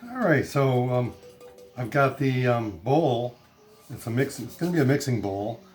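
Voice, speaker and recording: A man's voice: mid-range voice, a little slow, faint music behind. Chatty man teaching pottery. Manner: relaxed, chatty, with many fillers and restarts. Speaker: ceramics instructor. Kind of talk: casual how-to demonstration. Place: pottery studio.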